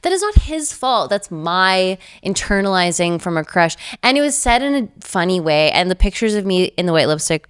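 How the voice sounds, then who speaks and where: A woman's voice: lowish voice, sing-song, normal speed, few pauses, smooth. A woman co-hosting a podcast, telling a self-mocking story in casual chat.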